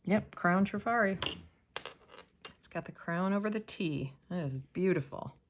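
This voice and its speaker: A woman casually narrating a jewelry unboxing, soft-spoken and sometimes dropping to a whisper as she examines pieces. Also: on the low side, a little slow, slight background noise. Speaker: jewelry reseller.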